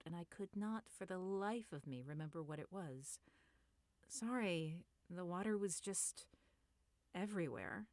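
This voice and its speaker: Brief: female audiobook narrator, measured read, dead-dry booth. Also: on the low side, a little mellow, dry recording.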